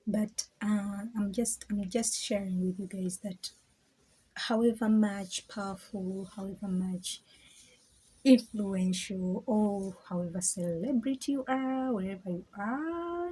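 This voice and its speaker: Vlogger, woman, very husky mellow voice, thoughtful rambling talk with laughs and hushed asides. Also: medium pitch, takes it slowly, rough recording. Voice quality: very breathy, husky. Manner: rambling, laughs often, stammers and repeats words; drops into whispers. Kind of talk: casual reflective monologue.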